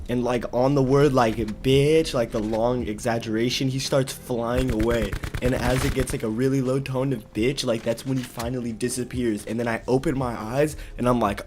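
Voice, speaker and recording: A young man vlogger telling a story in a casual, animated way, full of slang and swearing. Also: mid-range voice, normal speed, hardly any pauses.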